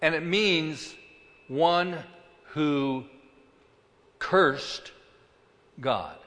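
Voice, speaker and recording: A man preaching a sermon as pastor, swinging between loud emphasis and quiet asides. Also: a little high, extremely slow, long reverb tail.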